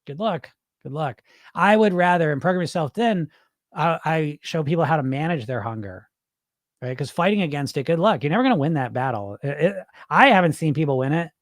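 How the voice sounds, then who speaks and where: A middle-aged man hosts a casual coaching podcast and reacts to listener comments in a blunt, animated way, sometimes swearing. His voice sits fairly high for a man. The sound is dry, with almost no room echo. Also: fairly quick. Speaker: podcast host and weight-loss coach.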